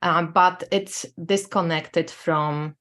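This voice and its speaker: A woman's voice: lowish voice, steady tone, takes it slowly, fairly bright tone. A woman host of an interview show, explaining at length with restarts. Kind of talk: casual interview.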